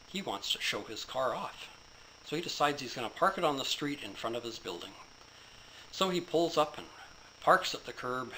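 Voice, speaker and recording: A man's voice: mid-range voice, pushed and bright, a little hiss or hum, low-quality recording. A man telling a long joke in a casual, folksy storytelling manner.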